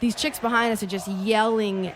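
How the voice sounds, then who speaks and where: A woman in a casual podcast chat, telling stories in an animated, profane way. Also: medium pitch, moderate pace, a little hiss or hum.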